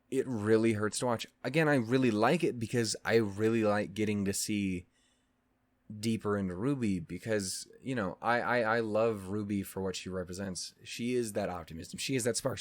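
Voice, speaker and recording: A man's voice: on the low side, normal speed, dry recording. A man giving emotional, profanity-heavy reaction commentary that rambles with frequent restarts. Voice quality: voice actor's expressive delivery. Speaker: reaction video host.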